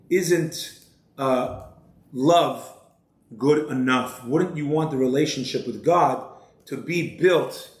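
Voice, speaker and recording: Rabbi with a slightly high voice. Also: male voice. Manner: measured, asks rhetorical questions. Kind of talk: religious lecture. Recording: roomy echo.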